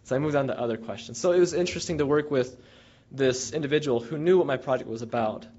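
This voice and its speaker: Young male former researcher, rambling storyteller, ordinary pitch, dull lo-fi sound. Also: fast talker. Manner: rambling, with many restarts and fillers, animated when retelling dialogue. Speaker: former field researcher advising students. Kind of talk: casual anecdotal talk. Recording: dull lo-fi recording.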